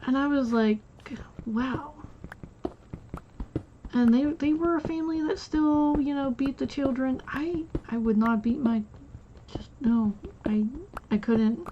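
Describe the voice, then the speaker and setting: Woman streamer, fairly high voice, slow and rambling, acts out quoted dialogue; dull lo-fi mic with faint hiss. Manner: rambling, retells conversations by acting out quotes. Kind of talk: casual personal storytelling. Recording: dull lo-fi sound with faint noise.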